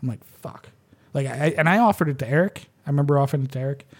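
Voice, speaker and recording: A man's voice: mid-range voice, quick pace. A man who is a pipe major, talking casually and bluntly with frequent swearing. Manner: blunt, profane, laid-back. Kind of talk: casual podcast chat.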